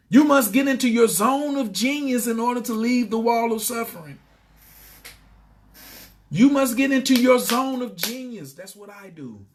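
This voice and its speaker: High-voiced preachy man. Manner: preachy, repetitive, bursts into excited shouting. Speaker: self-help coach. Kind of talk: motivational livestream talk.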